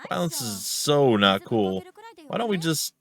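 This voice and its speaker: A man's voice: mid-range voice, big pitch swings, unhurried, vocal fry, fairly bright tone, voice pushed up, full character voice. A man voicing a bubbly young woman who talks in drawling valley-girl slang. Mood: breezy.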